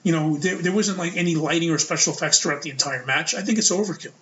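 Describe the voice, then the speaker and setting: A man's voice: fairly high pitch, fast talker, a bit bright. Rambling man hosting a lo-fi podcast. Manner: casual, rambling, lots of "you know" fillers. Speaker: podcast host. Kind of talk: solo opinion podcast.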